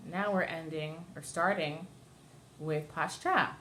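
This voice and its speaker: A woman's voice: deep voice, fairly even intonation, slow, fairly bright tone. A woman cantor teaching a class on Torah chanting, explaining patiently and singing short chanted examples. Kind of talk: class lesson with sung examples.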